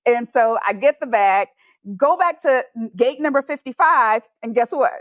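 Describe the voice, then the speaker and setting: Podcast guest: a high-pitched woman, animated and laughing as she tells her story, on a dull, dry recording. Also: moderate pace, no echo. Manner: animated, laughs often while telling. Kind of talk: personal storytelling in an interview.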